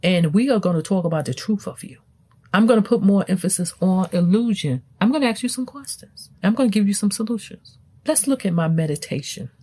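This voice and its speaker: This podcast host speaks in a warm, fairly low voice. Her spiritual teaching comes as a monologue aimed straight at the listener, pressed home with emphasis and a stream of rhetorical questions.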